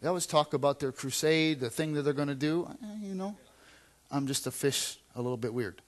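A man, a pastor, preaching a sermon in a conversational way, repeating phrases and swinging from quiet asides to loud emphatic lines. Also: fairly high pitch, brisk.

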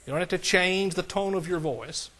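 A middle-aged man with an East Texas accent preaching a conversational sermon in a church, folksy and plain-spoken, calling for amens and rising higher and louder on the points he stresses. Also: normal speed. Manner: folksy, calls for amens, rises high and loud on emphatic points. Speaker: pastor.

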